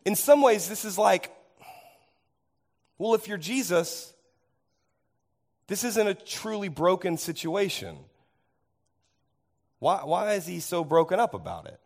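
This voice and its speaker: A man preaching a sermon as pastor, his voice hoarse from overuse, animated and asking the congregation questions. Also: high voice, takes it slowly, pauses often. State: hoarse, tired voice.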